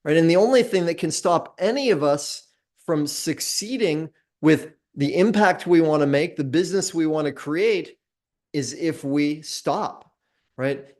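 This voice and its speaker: A man with a slightly high voice gives an earnest motivational talk. He slows his delivery to stress the key points. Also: a little mellow.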